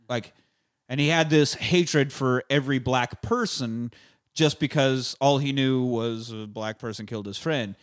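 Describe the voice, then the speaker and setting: A man's voice: medium pitch, measured pace. A young man hosting a podcast, casually retelling a film with lots of fillers and swearing. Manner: rambling, profane, uses many fillers. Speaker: podcast host.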